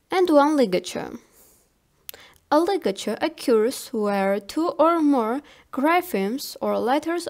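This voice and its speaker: A woman giving a language lesson, saying each word slowly and carefully, often twice. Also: high-pitched, a little mellow. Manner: slow, carefully enunciated word drills. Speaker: language teacher.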